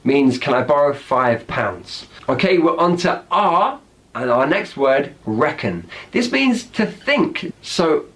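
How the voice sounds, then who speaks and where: Chatty British man, rather high voice. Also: big pitch swings, takes it slowly, fairly bright tone. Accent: British English. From Britain. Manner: chatty, teacherly, acts out example phrases. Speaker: English slang teacher. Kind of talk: explaining slang words with examples.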